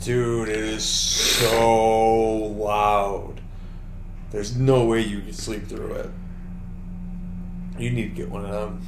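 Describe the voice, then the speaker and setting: A man's voice: on the low side, level tone, slow, pauses often. A man co-hosting a casual podcast, swearing a lot and telling stories with laughter. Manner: profane, laughing storyteller. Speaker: podcast co-host. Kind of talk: casual banter. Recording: echoey room with background noise.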